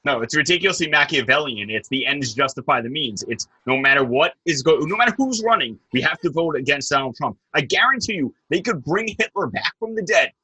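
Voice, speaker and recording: A young man hosting a political talk show, speaking in an emphatic, scornful way with sharp peaks. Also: on the high side, lively intonation, a little fast, few pauses, slightly rough, no echo, low-quality recording. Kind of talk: heated political chat.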